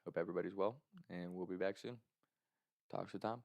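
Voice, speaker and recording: A man's voice: low voice, fairly even intonation, fairly quick, creaky, loud music behind the voice. A young adult man hosting a podcast, telling a casual story and chuckling often. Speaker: podcast host.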